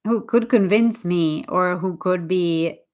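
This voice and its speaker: A woman with a lowish voice and a darkish tone teaches English on a livestream, speaking casually. She lays out her point deliberately and thoughtfully, restarting frequently.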